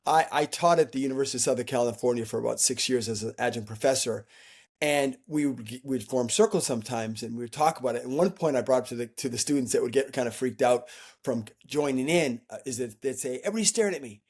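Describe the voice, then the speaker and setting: Male interview guest, conversational and animated, playful quoted voices. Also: medium pitch, quick pace, breathy edge. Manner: animated, acts out quoted voices, frequent restarts. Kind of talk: reflective conversational storytelling.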